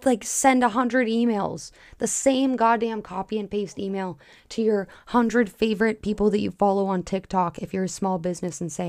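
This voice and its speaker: Young female coach-host with a gravelly, fry-laden voice; passionate, loose, sweary solo talk. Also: mid-range voice, fairly even intonation, moderate pace, a little mellow, no room sound. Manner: passionate, frequent filler likes and cussing. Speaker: podcast host and spiritual coach. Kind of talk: casual solo podcast monologue.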